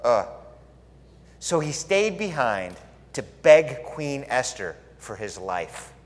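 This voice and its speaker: A man retelling a Bible story as a sermon, in an animated, conversational way and asking his listeners questions. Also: mid-range voice, slow pace. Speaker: preacher. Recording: echoey hall.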